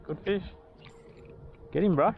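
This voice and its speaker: A man's voice: high-pitched, measured pace, gravelly, narrow, tinny audio. An Australian man vlogging while fishing on a boat, exclaiming and joking in playful slang. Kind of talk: excited fishing banter. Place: outdoors on a boat at sea. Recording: noisy outdoor boat audio.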